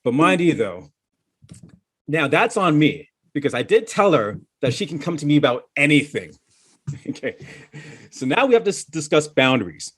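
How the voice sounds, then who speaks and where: A man's voice: on the high side, sing-song, moderate pace, a bit bright, slightly rough. A middle-aged man from Chicago doing a stand-up comedy set in a comedy club, talking loosely with stumbling restarts and laughing at his own jokes. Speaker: stand-up comic.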